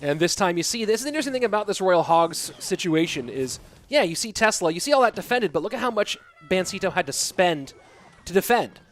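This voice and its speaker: Excitable high-voiced male esports caster. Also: fairly quick. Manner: chatty, reads out viewer messages between plays; excitable, voice jumps up at big plays. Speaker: esports caster and stream host. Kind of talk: live play-by-play game commentary.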